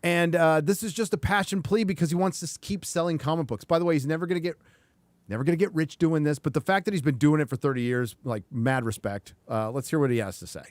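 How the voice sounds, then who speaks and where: A man's voice: fairly high pitch, quick pace, dry recording. A man hosting a casual livestream talk show, emphatic and profane, with rambling asides. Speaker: show host.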